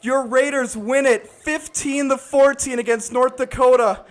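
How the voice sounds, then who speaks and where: A young man calling a college baseball game live, excitable and shouting on big plays, and out of breath near the end. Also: very high voice, measured pace. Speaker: play-by-play announcer.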